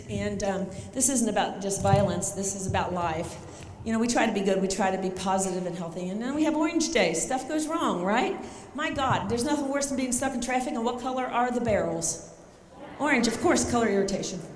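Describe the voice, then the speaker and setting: A woman's voice: medium pitch, lively intonation, a little fast. Emphatic woman in an echoey hall. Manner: emphatic, jokey, often shouting and acting out scenes. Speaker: self-defense speaker. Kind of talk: animated motivational talk. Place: large conference hall. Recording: echoey hall, faint ambience.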